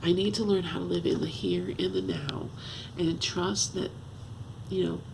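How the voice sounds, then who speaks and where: Gravelly-voiced woman in her fifties. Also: lowish voice, steady tone, noisy background. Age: 50s. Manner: halting, earnest, self-searching talk with many restarts. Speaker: vlogger. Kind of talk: confessional personal vlog. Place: at home.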